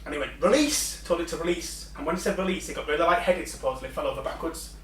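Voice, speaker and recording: A man's voice: a little high, rapid-fire, a bit bright, distant mic, a little hiss or hum. A man co-hosting a casual podcast, telling a story and swearing, acting out quotes. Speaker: podcast co-host. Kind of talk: casual chat. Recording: echoey room, set back from the mic.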